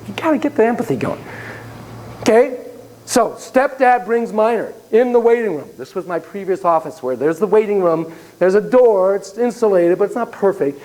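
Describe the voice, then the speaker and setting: A man who is a psychologist telling a story to students in a lecture, animated and joking, with frequent laughs. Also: high voice, normal speed.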